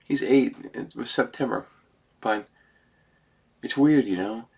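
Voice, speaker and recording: A man's voice: mid-range voice, slow, vocal fry, darkish tone, breathy edge. Middle-aged guy rambling on his vlog, choked up and teary, keeps saying man, regular mid voice. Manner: rambling, emotional, says "man" often. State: close to tears. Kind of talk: personal vlog monologue.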